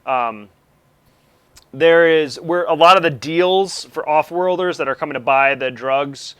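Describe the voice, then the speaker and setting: A man's voice: a little high, measured pace, fairly bright tone, clean tone, no room sound. A man running a tabletop game as game master, narrating in a rambling way with lots of fillers.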